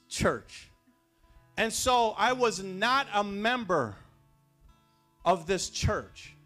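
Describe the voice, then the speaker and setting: A man preaching a sermon, telling personal stories and building to fervent shouts. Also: high-pitched.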